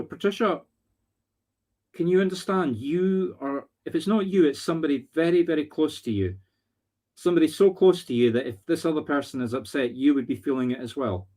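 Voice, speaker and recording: A Scottish man working as a medium on a live stream, talking earnestly and haltingly, often searching for words. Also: on the high side, dark tone. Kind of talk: live-streamed spirit readings.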